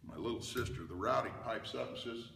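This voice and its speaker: An older man speaks with a bright, gravelly voice, spinning an animated story for an audience. He is recorded from some distance in a large, echoing hall, with a long reverb tail and a faint hum of room noise underneath. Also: mid-range voice, brisk. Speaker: speaker giving a talk. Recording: roomy hall, mic at a distance.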